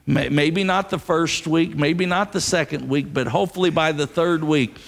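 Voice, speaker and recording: A man's voice: a little high, moderate pace, creaky. A man preaching a sermon to his congregation, an earnest storyteller who repeats key phrases for weight. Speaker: pastor. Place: church sanctuary. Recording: long reverb of a large hall.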